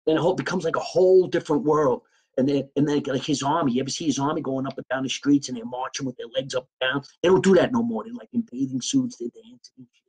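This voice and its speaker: Gravelly man rambling through a comic bit. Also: mid-range voice, fast, low-quality recording. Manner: rambling, profane, animated storytelling. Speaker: comedian and podcast host. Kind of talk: improvised comedic monologue.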